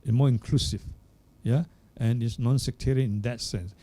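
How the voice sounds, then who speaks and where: Older male monk, dharma talk, extremely dark and warm timbre, measured halting delivery. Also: mid-range voice, steady tone. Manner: unhurried, searching for words, checks in with "hmm?" and "yeah?". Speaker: Buddhist monk teacher. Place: Buddhist centre hall.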